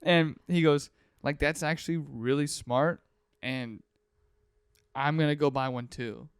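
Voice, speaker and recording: A man's voice: fairly high pitch, unhurried, clean tone, no echo, clean studio sound. A young man in his twenties hosting a podcast, telling a story with energy and acting out the people and noises in it. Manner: lively, acts out people and sound effects in his stories. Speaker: podcast host. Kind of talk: casual chat, animated storytelling.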